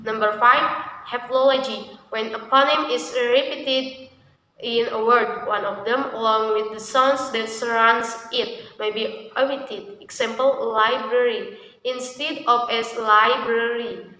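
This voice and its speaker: A young woman with an Indonesian accent, briskly reading numbered points from a class presentation. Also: a little high, steady tone, sharp tone. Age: young adult. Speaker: student presenter. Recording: echoey hall with faint hiss.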